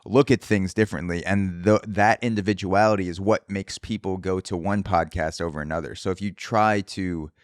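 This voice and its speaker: Low-voiced man with a dry close sound. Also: clean tone, no room sound. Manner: animated storytelling, acts out quoted voices, swears casually. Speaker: podcast host. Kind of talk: solo podcast monologue. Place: Brooklyn, New York.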